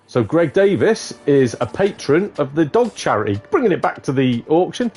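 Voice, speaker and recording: A man's voice: on the high side, big pitch swings, moderate pace, darkish tone, breathy edge. A man hosting a live stream, chatting casually and rambling, swearing freely. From Shropshire, England. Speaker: livestream host.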